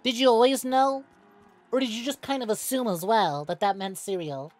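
A young woman streaming a game, chatting casually with viewers, excitable and quick to swear. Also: fairly high pitch. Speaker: VTuber streamer. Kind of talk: casual gameplay stream chat.

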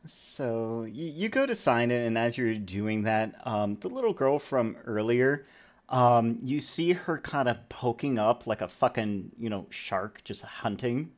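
A man's voice: mid-range voice, animated, a little slow. Rambling, casual man running a tabletop game. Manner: rambling, casual narration with many fillers and swearing. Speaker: game master.

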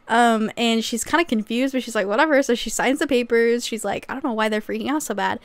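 A woman's voice: on the high side, fast talker, hardly any pauses, no echo. A young woman recapping a memoir in a casual, chatty way, with sarcastic asides and acted-out quotes. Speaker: YouTuber.

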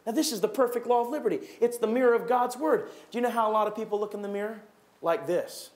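High-pitched animated preacher man. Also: racing, a little hiss or hum. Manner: animated, acts out gossiping churchgoers in raised voices. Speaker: pastor. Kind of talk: sermon. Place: church sanctuary.

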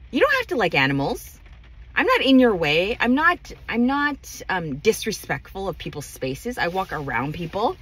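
A woman's voice: mid-range voice, wildly swooping pitch, moderate pace, fairly bright tone, husky. A woman ranting furiously to camera, swearing a lot and hammering her points home. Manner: furious, profane, emphatic. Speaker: vlogger. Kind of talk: angry rant to camera.

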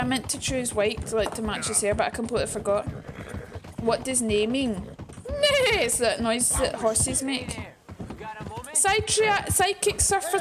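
Scottish girl from fife gaming on stream, fairly high voice, joking around with chat, game music underneath. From Scotland. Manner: playful, chatty, quick asides to chat. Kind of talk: casual gameplay chat.

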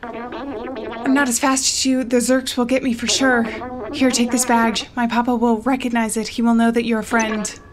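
A woman's voice: fairly high pitch, flat delivery, moderate pace, crowd noise, lightly acted. Woman reading as a fearful young robot boy. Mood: worried. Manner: reads game subtitles aloud.

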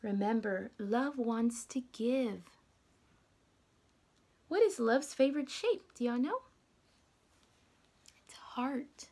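A young woman teacher reading a picture book aloud to children, gentle and dropping to whispers, asking them questions. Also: on the high side, expressive, slow pace, long pauses.

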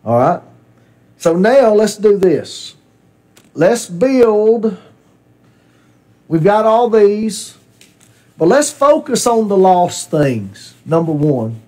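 A man, his voice pitched high for a man, teaches a church Bible class. He talks in a relaxed, conversational way, puts questions to the group and repeats back what they say. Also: extremely slow, pauses often.

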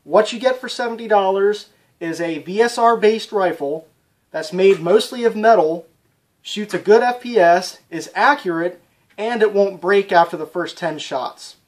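A man's voice: high-pitched, measured pace. A man casually reviewing an airsoft rifle for his channel, talking plainly with lots of ums and sounding a little out of breath. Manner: chatty, frequent ums, plainspoken. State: slightly out of breath.

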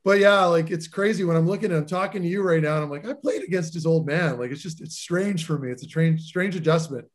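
A man in his thirties, a podcast co-host and former player, telling animated stories and asking questions. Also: fairly high pitch. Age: 30s. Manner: rapid, animated storytelling. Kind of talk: casual interview chat.

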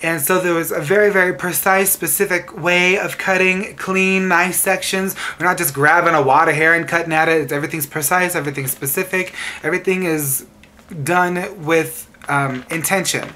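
A woman's voice: fairly low pitch, normal speed, sharp tone. A woman hairstylist telling sassy, exasperated stories to camera about rude salon clients, laughing as she goes. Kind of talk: venting storytime to camera.

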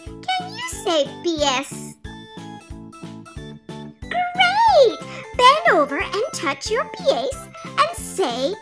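A woman's voice: very high voice, wildly swooping pitch, takes it slowly, heavily acted. A woman voicing a cheerful little girl puppet who teaches in a sing-song, encouraging way in a children's puppet lesson. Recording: children's music playing behind.

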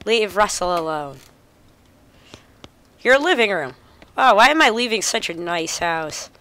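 A woman's voice: mid-range voice, lively intonation, a little slow, bright, forceful tone. A woman playing a video game, reading the game text aloud and chuckling as she goes. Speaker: gamer. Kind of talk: let's play commentary.

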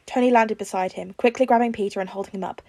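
A woman reading a fan fiction story aloud in an even storytelling manner. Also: mid-range voice, quick pace, dry recording. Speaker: podfic reader.

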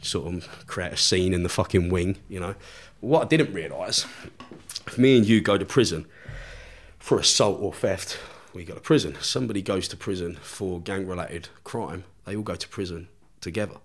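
A man's voice: low voice, normal speed. Foul-mouthed man telling a story. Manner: swears constantly, animated storytelling with laughs. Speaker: podcast guest. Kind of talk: storytelling in casual chat.

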